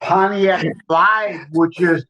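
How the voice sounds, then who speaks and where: A man's voice: sits high, fairly even intonation, slow, bright, forceful tone, highs cut off, slight background noise. A man co-hosting a podcast who talks in an earnest, matter-of-fact way. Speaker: podcast co-host. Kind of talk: casual podcast chat.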